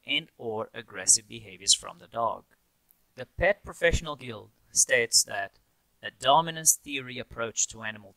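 A man with a very bright, sharp voice teaching about animal training. He speaks in a measured, explanatory way and often reads out research and the positions of professional groups. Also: medium pitch, vocal fry, low-quality recording. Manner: measured, reads out cited sources. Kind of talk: explanatory video lesson.

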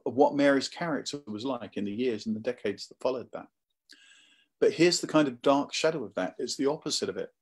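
Male preacher, husky, mid-pitched, lively conversational sermon delivery. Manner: conversational storytelling, animated.

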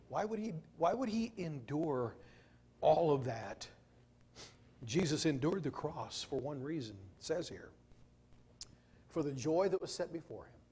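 A man preaching a revival sermon, telling a personal story and then reading scripture with rising emphasis. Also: a little high. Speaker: guest preacher.

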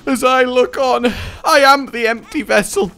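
A man's voice: very high voice, normal speed, bright, forceful tone, voice pushed up, exaggerated voice. A man putting on a melodramatic, self-pitying gaming commentator with a whiny voice. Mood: mopey. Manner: whiny, melodramatic sighing delivery.

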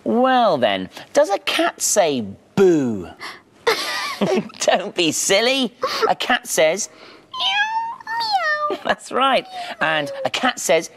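A man's voice: high-pitched, wildly swooping pitch, slow pace, fairly bright tone. Playful man telling a children's story. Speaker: children's TV presenter. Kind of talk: storytelling to preschoolers.

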